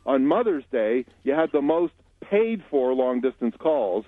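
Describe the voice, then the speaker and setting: A man's voice: mid-range voice, very animated, unhurried, dry recording. A male radio show guest laying out his opinions in an assertive, lecturing way. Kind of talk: opinionated call-in commentary. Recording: tinny phone line.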